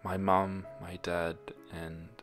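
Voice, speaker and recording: A haunted teenage boy who mumbles his answers and stammers on first sounds, as a man puts him on. His low, hushed voice sits over music. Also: level tone, slow pace. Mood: hesitant. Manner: quiet, hesitant, stammering. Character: traumized quiet teenage boy, shaky and stuttering.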